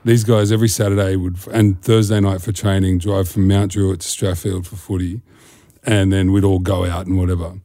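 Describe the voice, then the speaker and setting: A man's voice: sits low, level tone, fairly quick, mellow, dry recording. A middle-aged Australian man, a podcast guest, telling a rambling story with lots of swearing and laughter. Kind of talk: casual storytelling.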